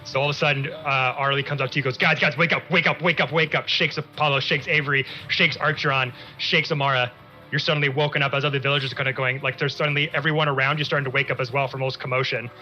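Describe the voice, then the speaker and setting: A man with a very bright, forward voice narrates a tabletop game as its dungeon master. He paces out each scene slowly, drawing out his words. The audio is a bit dull, with faint music underneath. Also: medium pitch, little pitch movement. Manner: slow, drawn-out scene narration.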